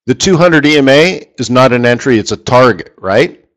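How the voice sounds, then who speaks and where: A man's voice: mid-range voice, expressive, moderate pace, fairly bright tone. Guy running a trading session, rambly, keeps asking viewers stuff, middle of the road voice. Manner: chatty, rambling, asks viewers questions. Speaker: forex trading host. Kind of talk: live trading session talk.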